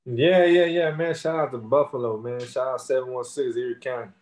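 A man's voice: mid-range voice, fairly even intonation, brisk, a little mellow. Man in his thirties, rapper guest, easygoing and profane, talks in a mid-range voice. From Texas. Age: 30s. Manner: loose, profane storytelling with many fillers. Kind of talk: casual interview.

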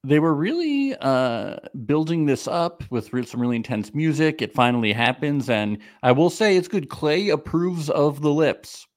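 Lively joking man recapping a show. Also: a little high, moderate pace, few pauses. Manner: lively, joking, slips into silly voices. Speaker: podcast co-host. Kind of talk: casual recap chat.

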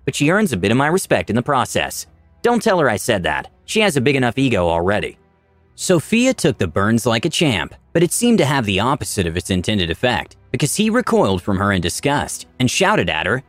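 A man's voice: medium pitch, wildly swooping pitch, fairly quick, no room sound, soft background music. A man tells a tabletop fantasy adventure in the first person, wry and dramatic. His voice moves up and down a lot through the telling. The sound is close and dry. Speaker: storyteller of a tabletop campaign. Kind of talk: first-person story narration.

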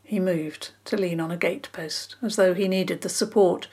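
A woman calmly narrating a children's story in a measured, scripted reading. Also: fairly low pitch, slightly rough.

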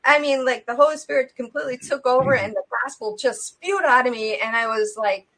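Talk show guest, a woman with a fairly high voice; animated storyteller who acts out the dialogue, casual with lots of fillers. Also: fairly quick. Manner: animated, acts out the dialogue with big jumps in pitch and loudness; loose and conversational, with many fillers. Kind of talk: telling a personal faith story.

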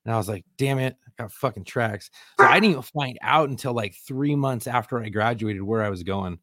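A man's voice: mid-range voice, fairly quick. A man co-hosting a podcast, chatting bluntly and profanely about his own service. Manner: blunt, profane, laughs along. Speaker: podcast co-host, veteran. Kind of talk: casual chat. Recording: noticeable background noise.

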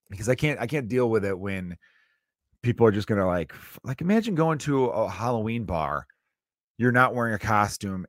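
A man's voice: medium pitch, dry recording. Profane ranting man, dry sound. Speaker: podcast host. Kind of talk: casual solo rant.

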